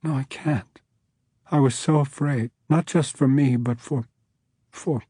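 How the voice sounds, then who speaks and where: A man's voice: mid-range voice, normal speed, darkish tone, husky, dry recording, studio quality, lightly acted. A man voicing a shaken young woman judge, her voice cracking as she pleads through tears. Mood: tearful.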